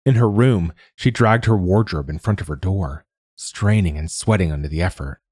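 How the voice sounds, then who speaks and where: Low, husky male audiobook narrator. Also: normal speed, a little mellow, no room sound, clean studio sound. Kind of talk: scripted narration.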